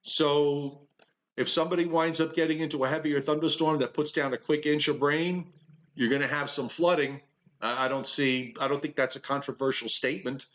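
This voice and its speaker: A man's voice: on the high side, fairly even intonation, normal speed, fairly bright tone. Hesitant man talking weather, lo-fi. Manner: hesitant, stammering restarts. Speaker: weather show co-host. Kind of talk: casual weather chat. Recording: dull lo-fi audio.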